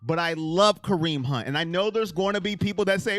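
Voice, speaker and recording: A man's voice: high-pitched, normal speed, few pauses, a bit bright, no echo. A man hosting a casual sports livestream, talking in an emotional, rambling way and thanking donors by name. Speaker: sports channel host.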